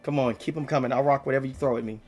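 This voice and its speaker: A man's voice: medium pitch, steady tone, very fast, soft background music, natural voice. A man reading game dialogue aloud, voicing a brash young female knight who swears casually and talks with swagger. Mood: cocky.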